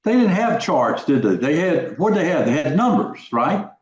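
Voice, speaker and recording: A man's voice: on the high side, very animated, moderate pace, reverberant, dull audio. A man hosting an interview, asking casual questions and leaning on repeated fillers. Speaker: interview host.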